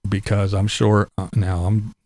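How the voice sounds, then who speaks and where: A man's voice: fairly low pitch, flat delivery, a little slow, a little mellow, dry recording. A middle-aged man from Pennsylvania giving a blunt, profane opinion monologue, laughing between his points. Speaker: vlogger.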